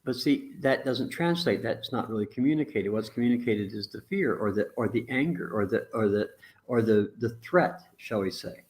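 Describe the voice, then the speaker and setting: A man's voice: on the low side, moderate pace. A man in a casual discussion, explaining ideas bluntly with restarts, mild swearing and acted-out quotes. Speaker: relationship teacher in a conversation.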